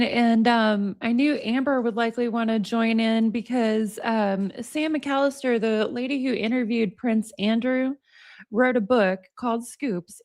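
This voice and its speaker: Female livestream host, chatty, reads aloud, a touch high-pitched. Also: a little mellow. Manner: chatty, laughs often, reads passages aloud. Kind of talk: casual livestream chat and reading aloud.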